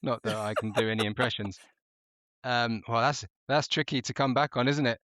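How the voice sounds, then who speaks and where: A man's voice: mid-range voice, brisk, fairly bright tone, dry recording, clean studio sound. A man with an English accent, a podcast guest chatting in a wry, hesitant way with plenty of ums. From England. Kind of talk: casual podcast chat. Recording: dull lo-fi remote audio.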